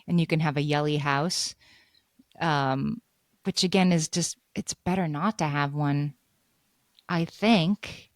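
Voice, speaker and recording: A woman in her forties co-hosting a podcast in casual chat, talking quickly and agreeing readily. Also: low-pitched, dry recording, clean studio sound. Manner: quick, agreeable, and full of quick affirmations. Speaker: podcast co-host.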